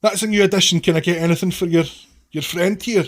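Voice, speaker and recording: A man voicing an obliging male innkeeper who is quick to please. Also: high voice, fairly even intonation, pitched above the performer's own voice, lightly acted.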